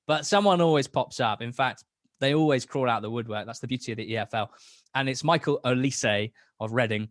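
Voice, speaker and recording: A man's voice: mid-range voice, fast talker, a bit bright, no echo, studio quality. A young man talking as a football podcast guest, chatty and enthusiastic, often restarting his sentences. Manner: enthusiastic, rambling, many restarts. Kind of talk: casual chat.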